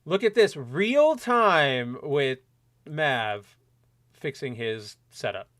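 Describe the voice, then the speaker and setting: A young man with a fairly high voice rants through a casual solo podcast from his home setup, animated and opinionated. The sound is dry and close, with almost no room echo. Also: drawn-out words. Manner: animated ranting, mocking quoted voices. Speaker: podcast host.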